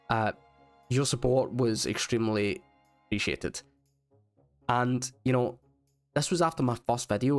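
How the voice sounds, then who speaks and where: Wry male gaming voice-over. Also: mid-range voice. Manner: wry, self-mocking banter. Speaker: gaming YouTuber. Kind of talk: casual game commentary voice-over.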